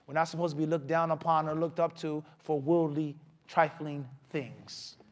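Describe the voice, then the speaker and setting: A man giving a mosque lecture, animated, often putting questions to the audience. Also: fairly high pitch, moderate pace. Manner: animated, asks the audience questions, acts out scolding. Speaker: imam giving a talk.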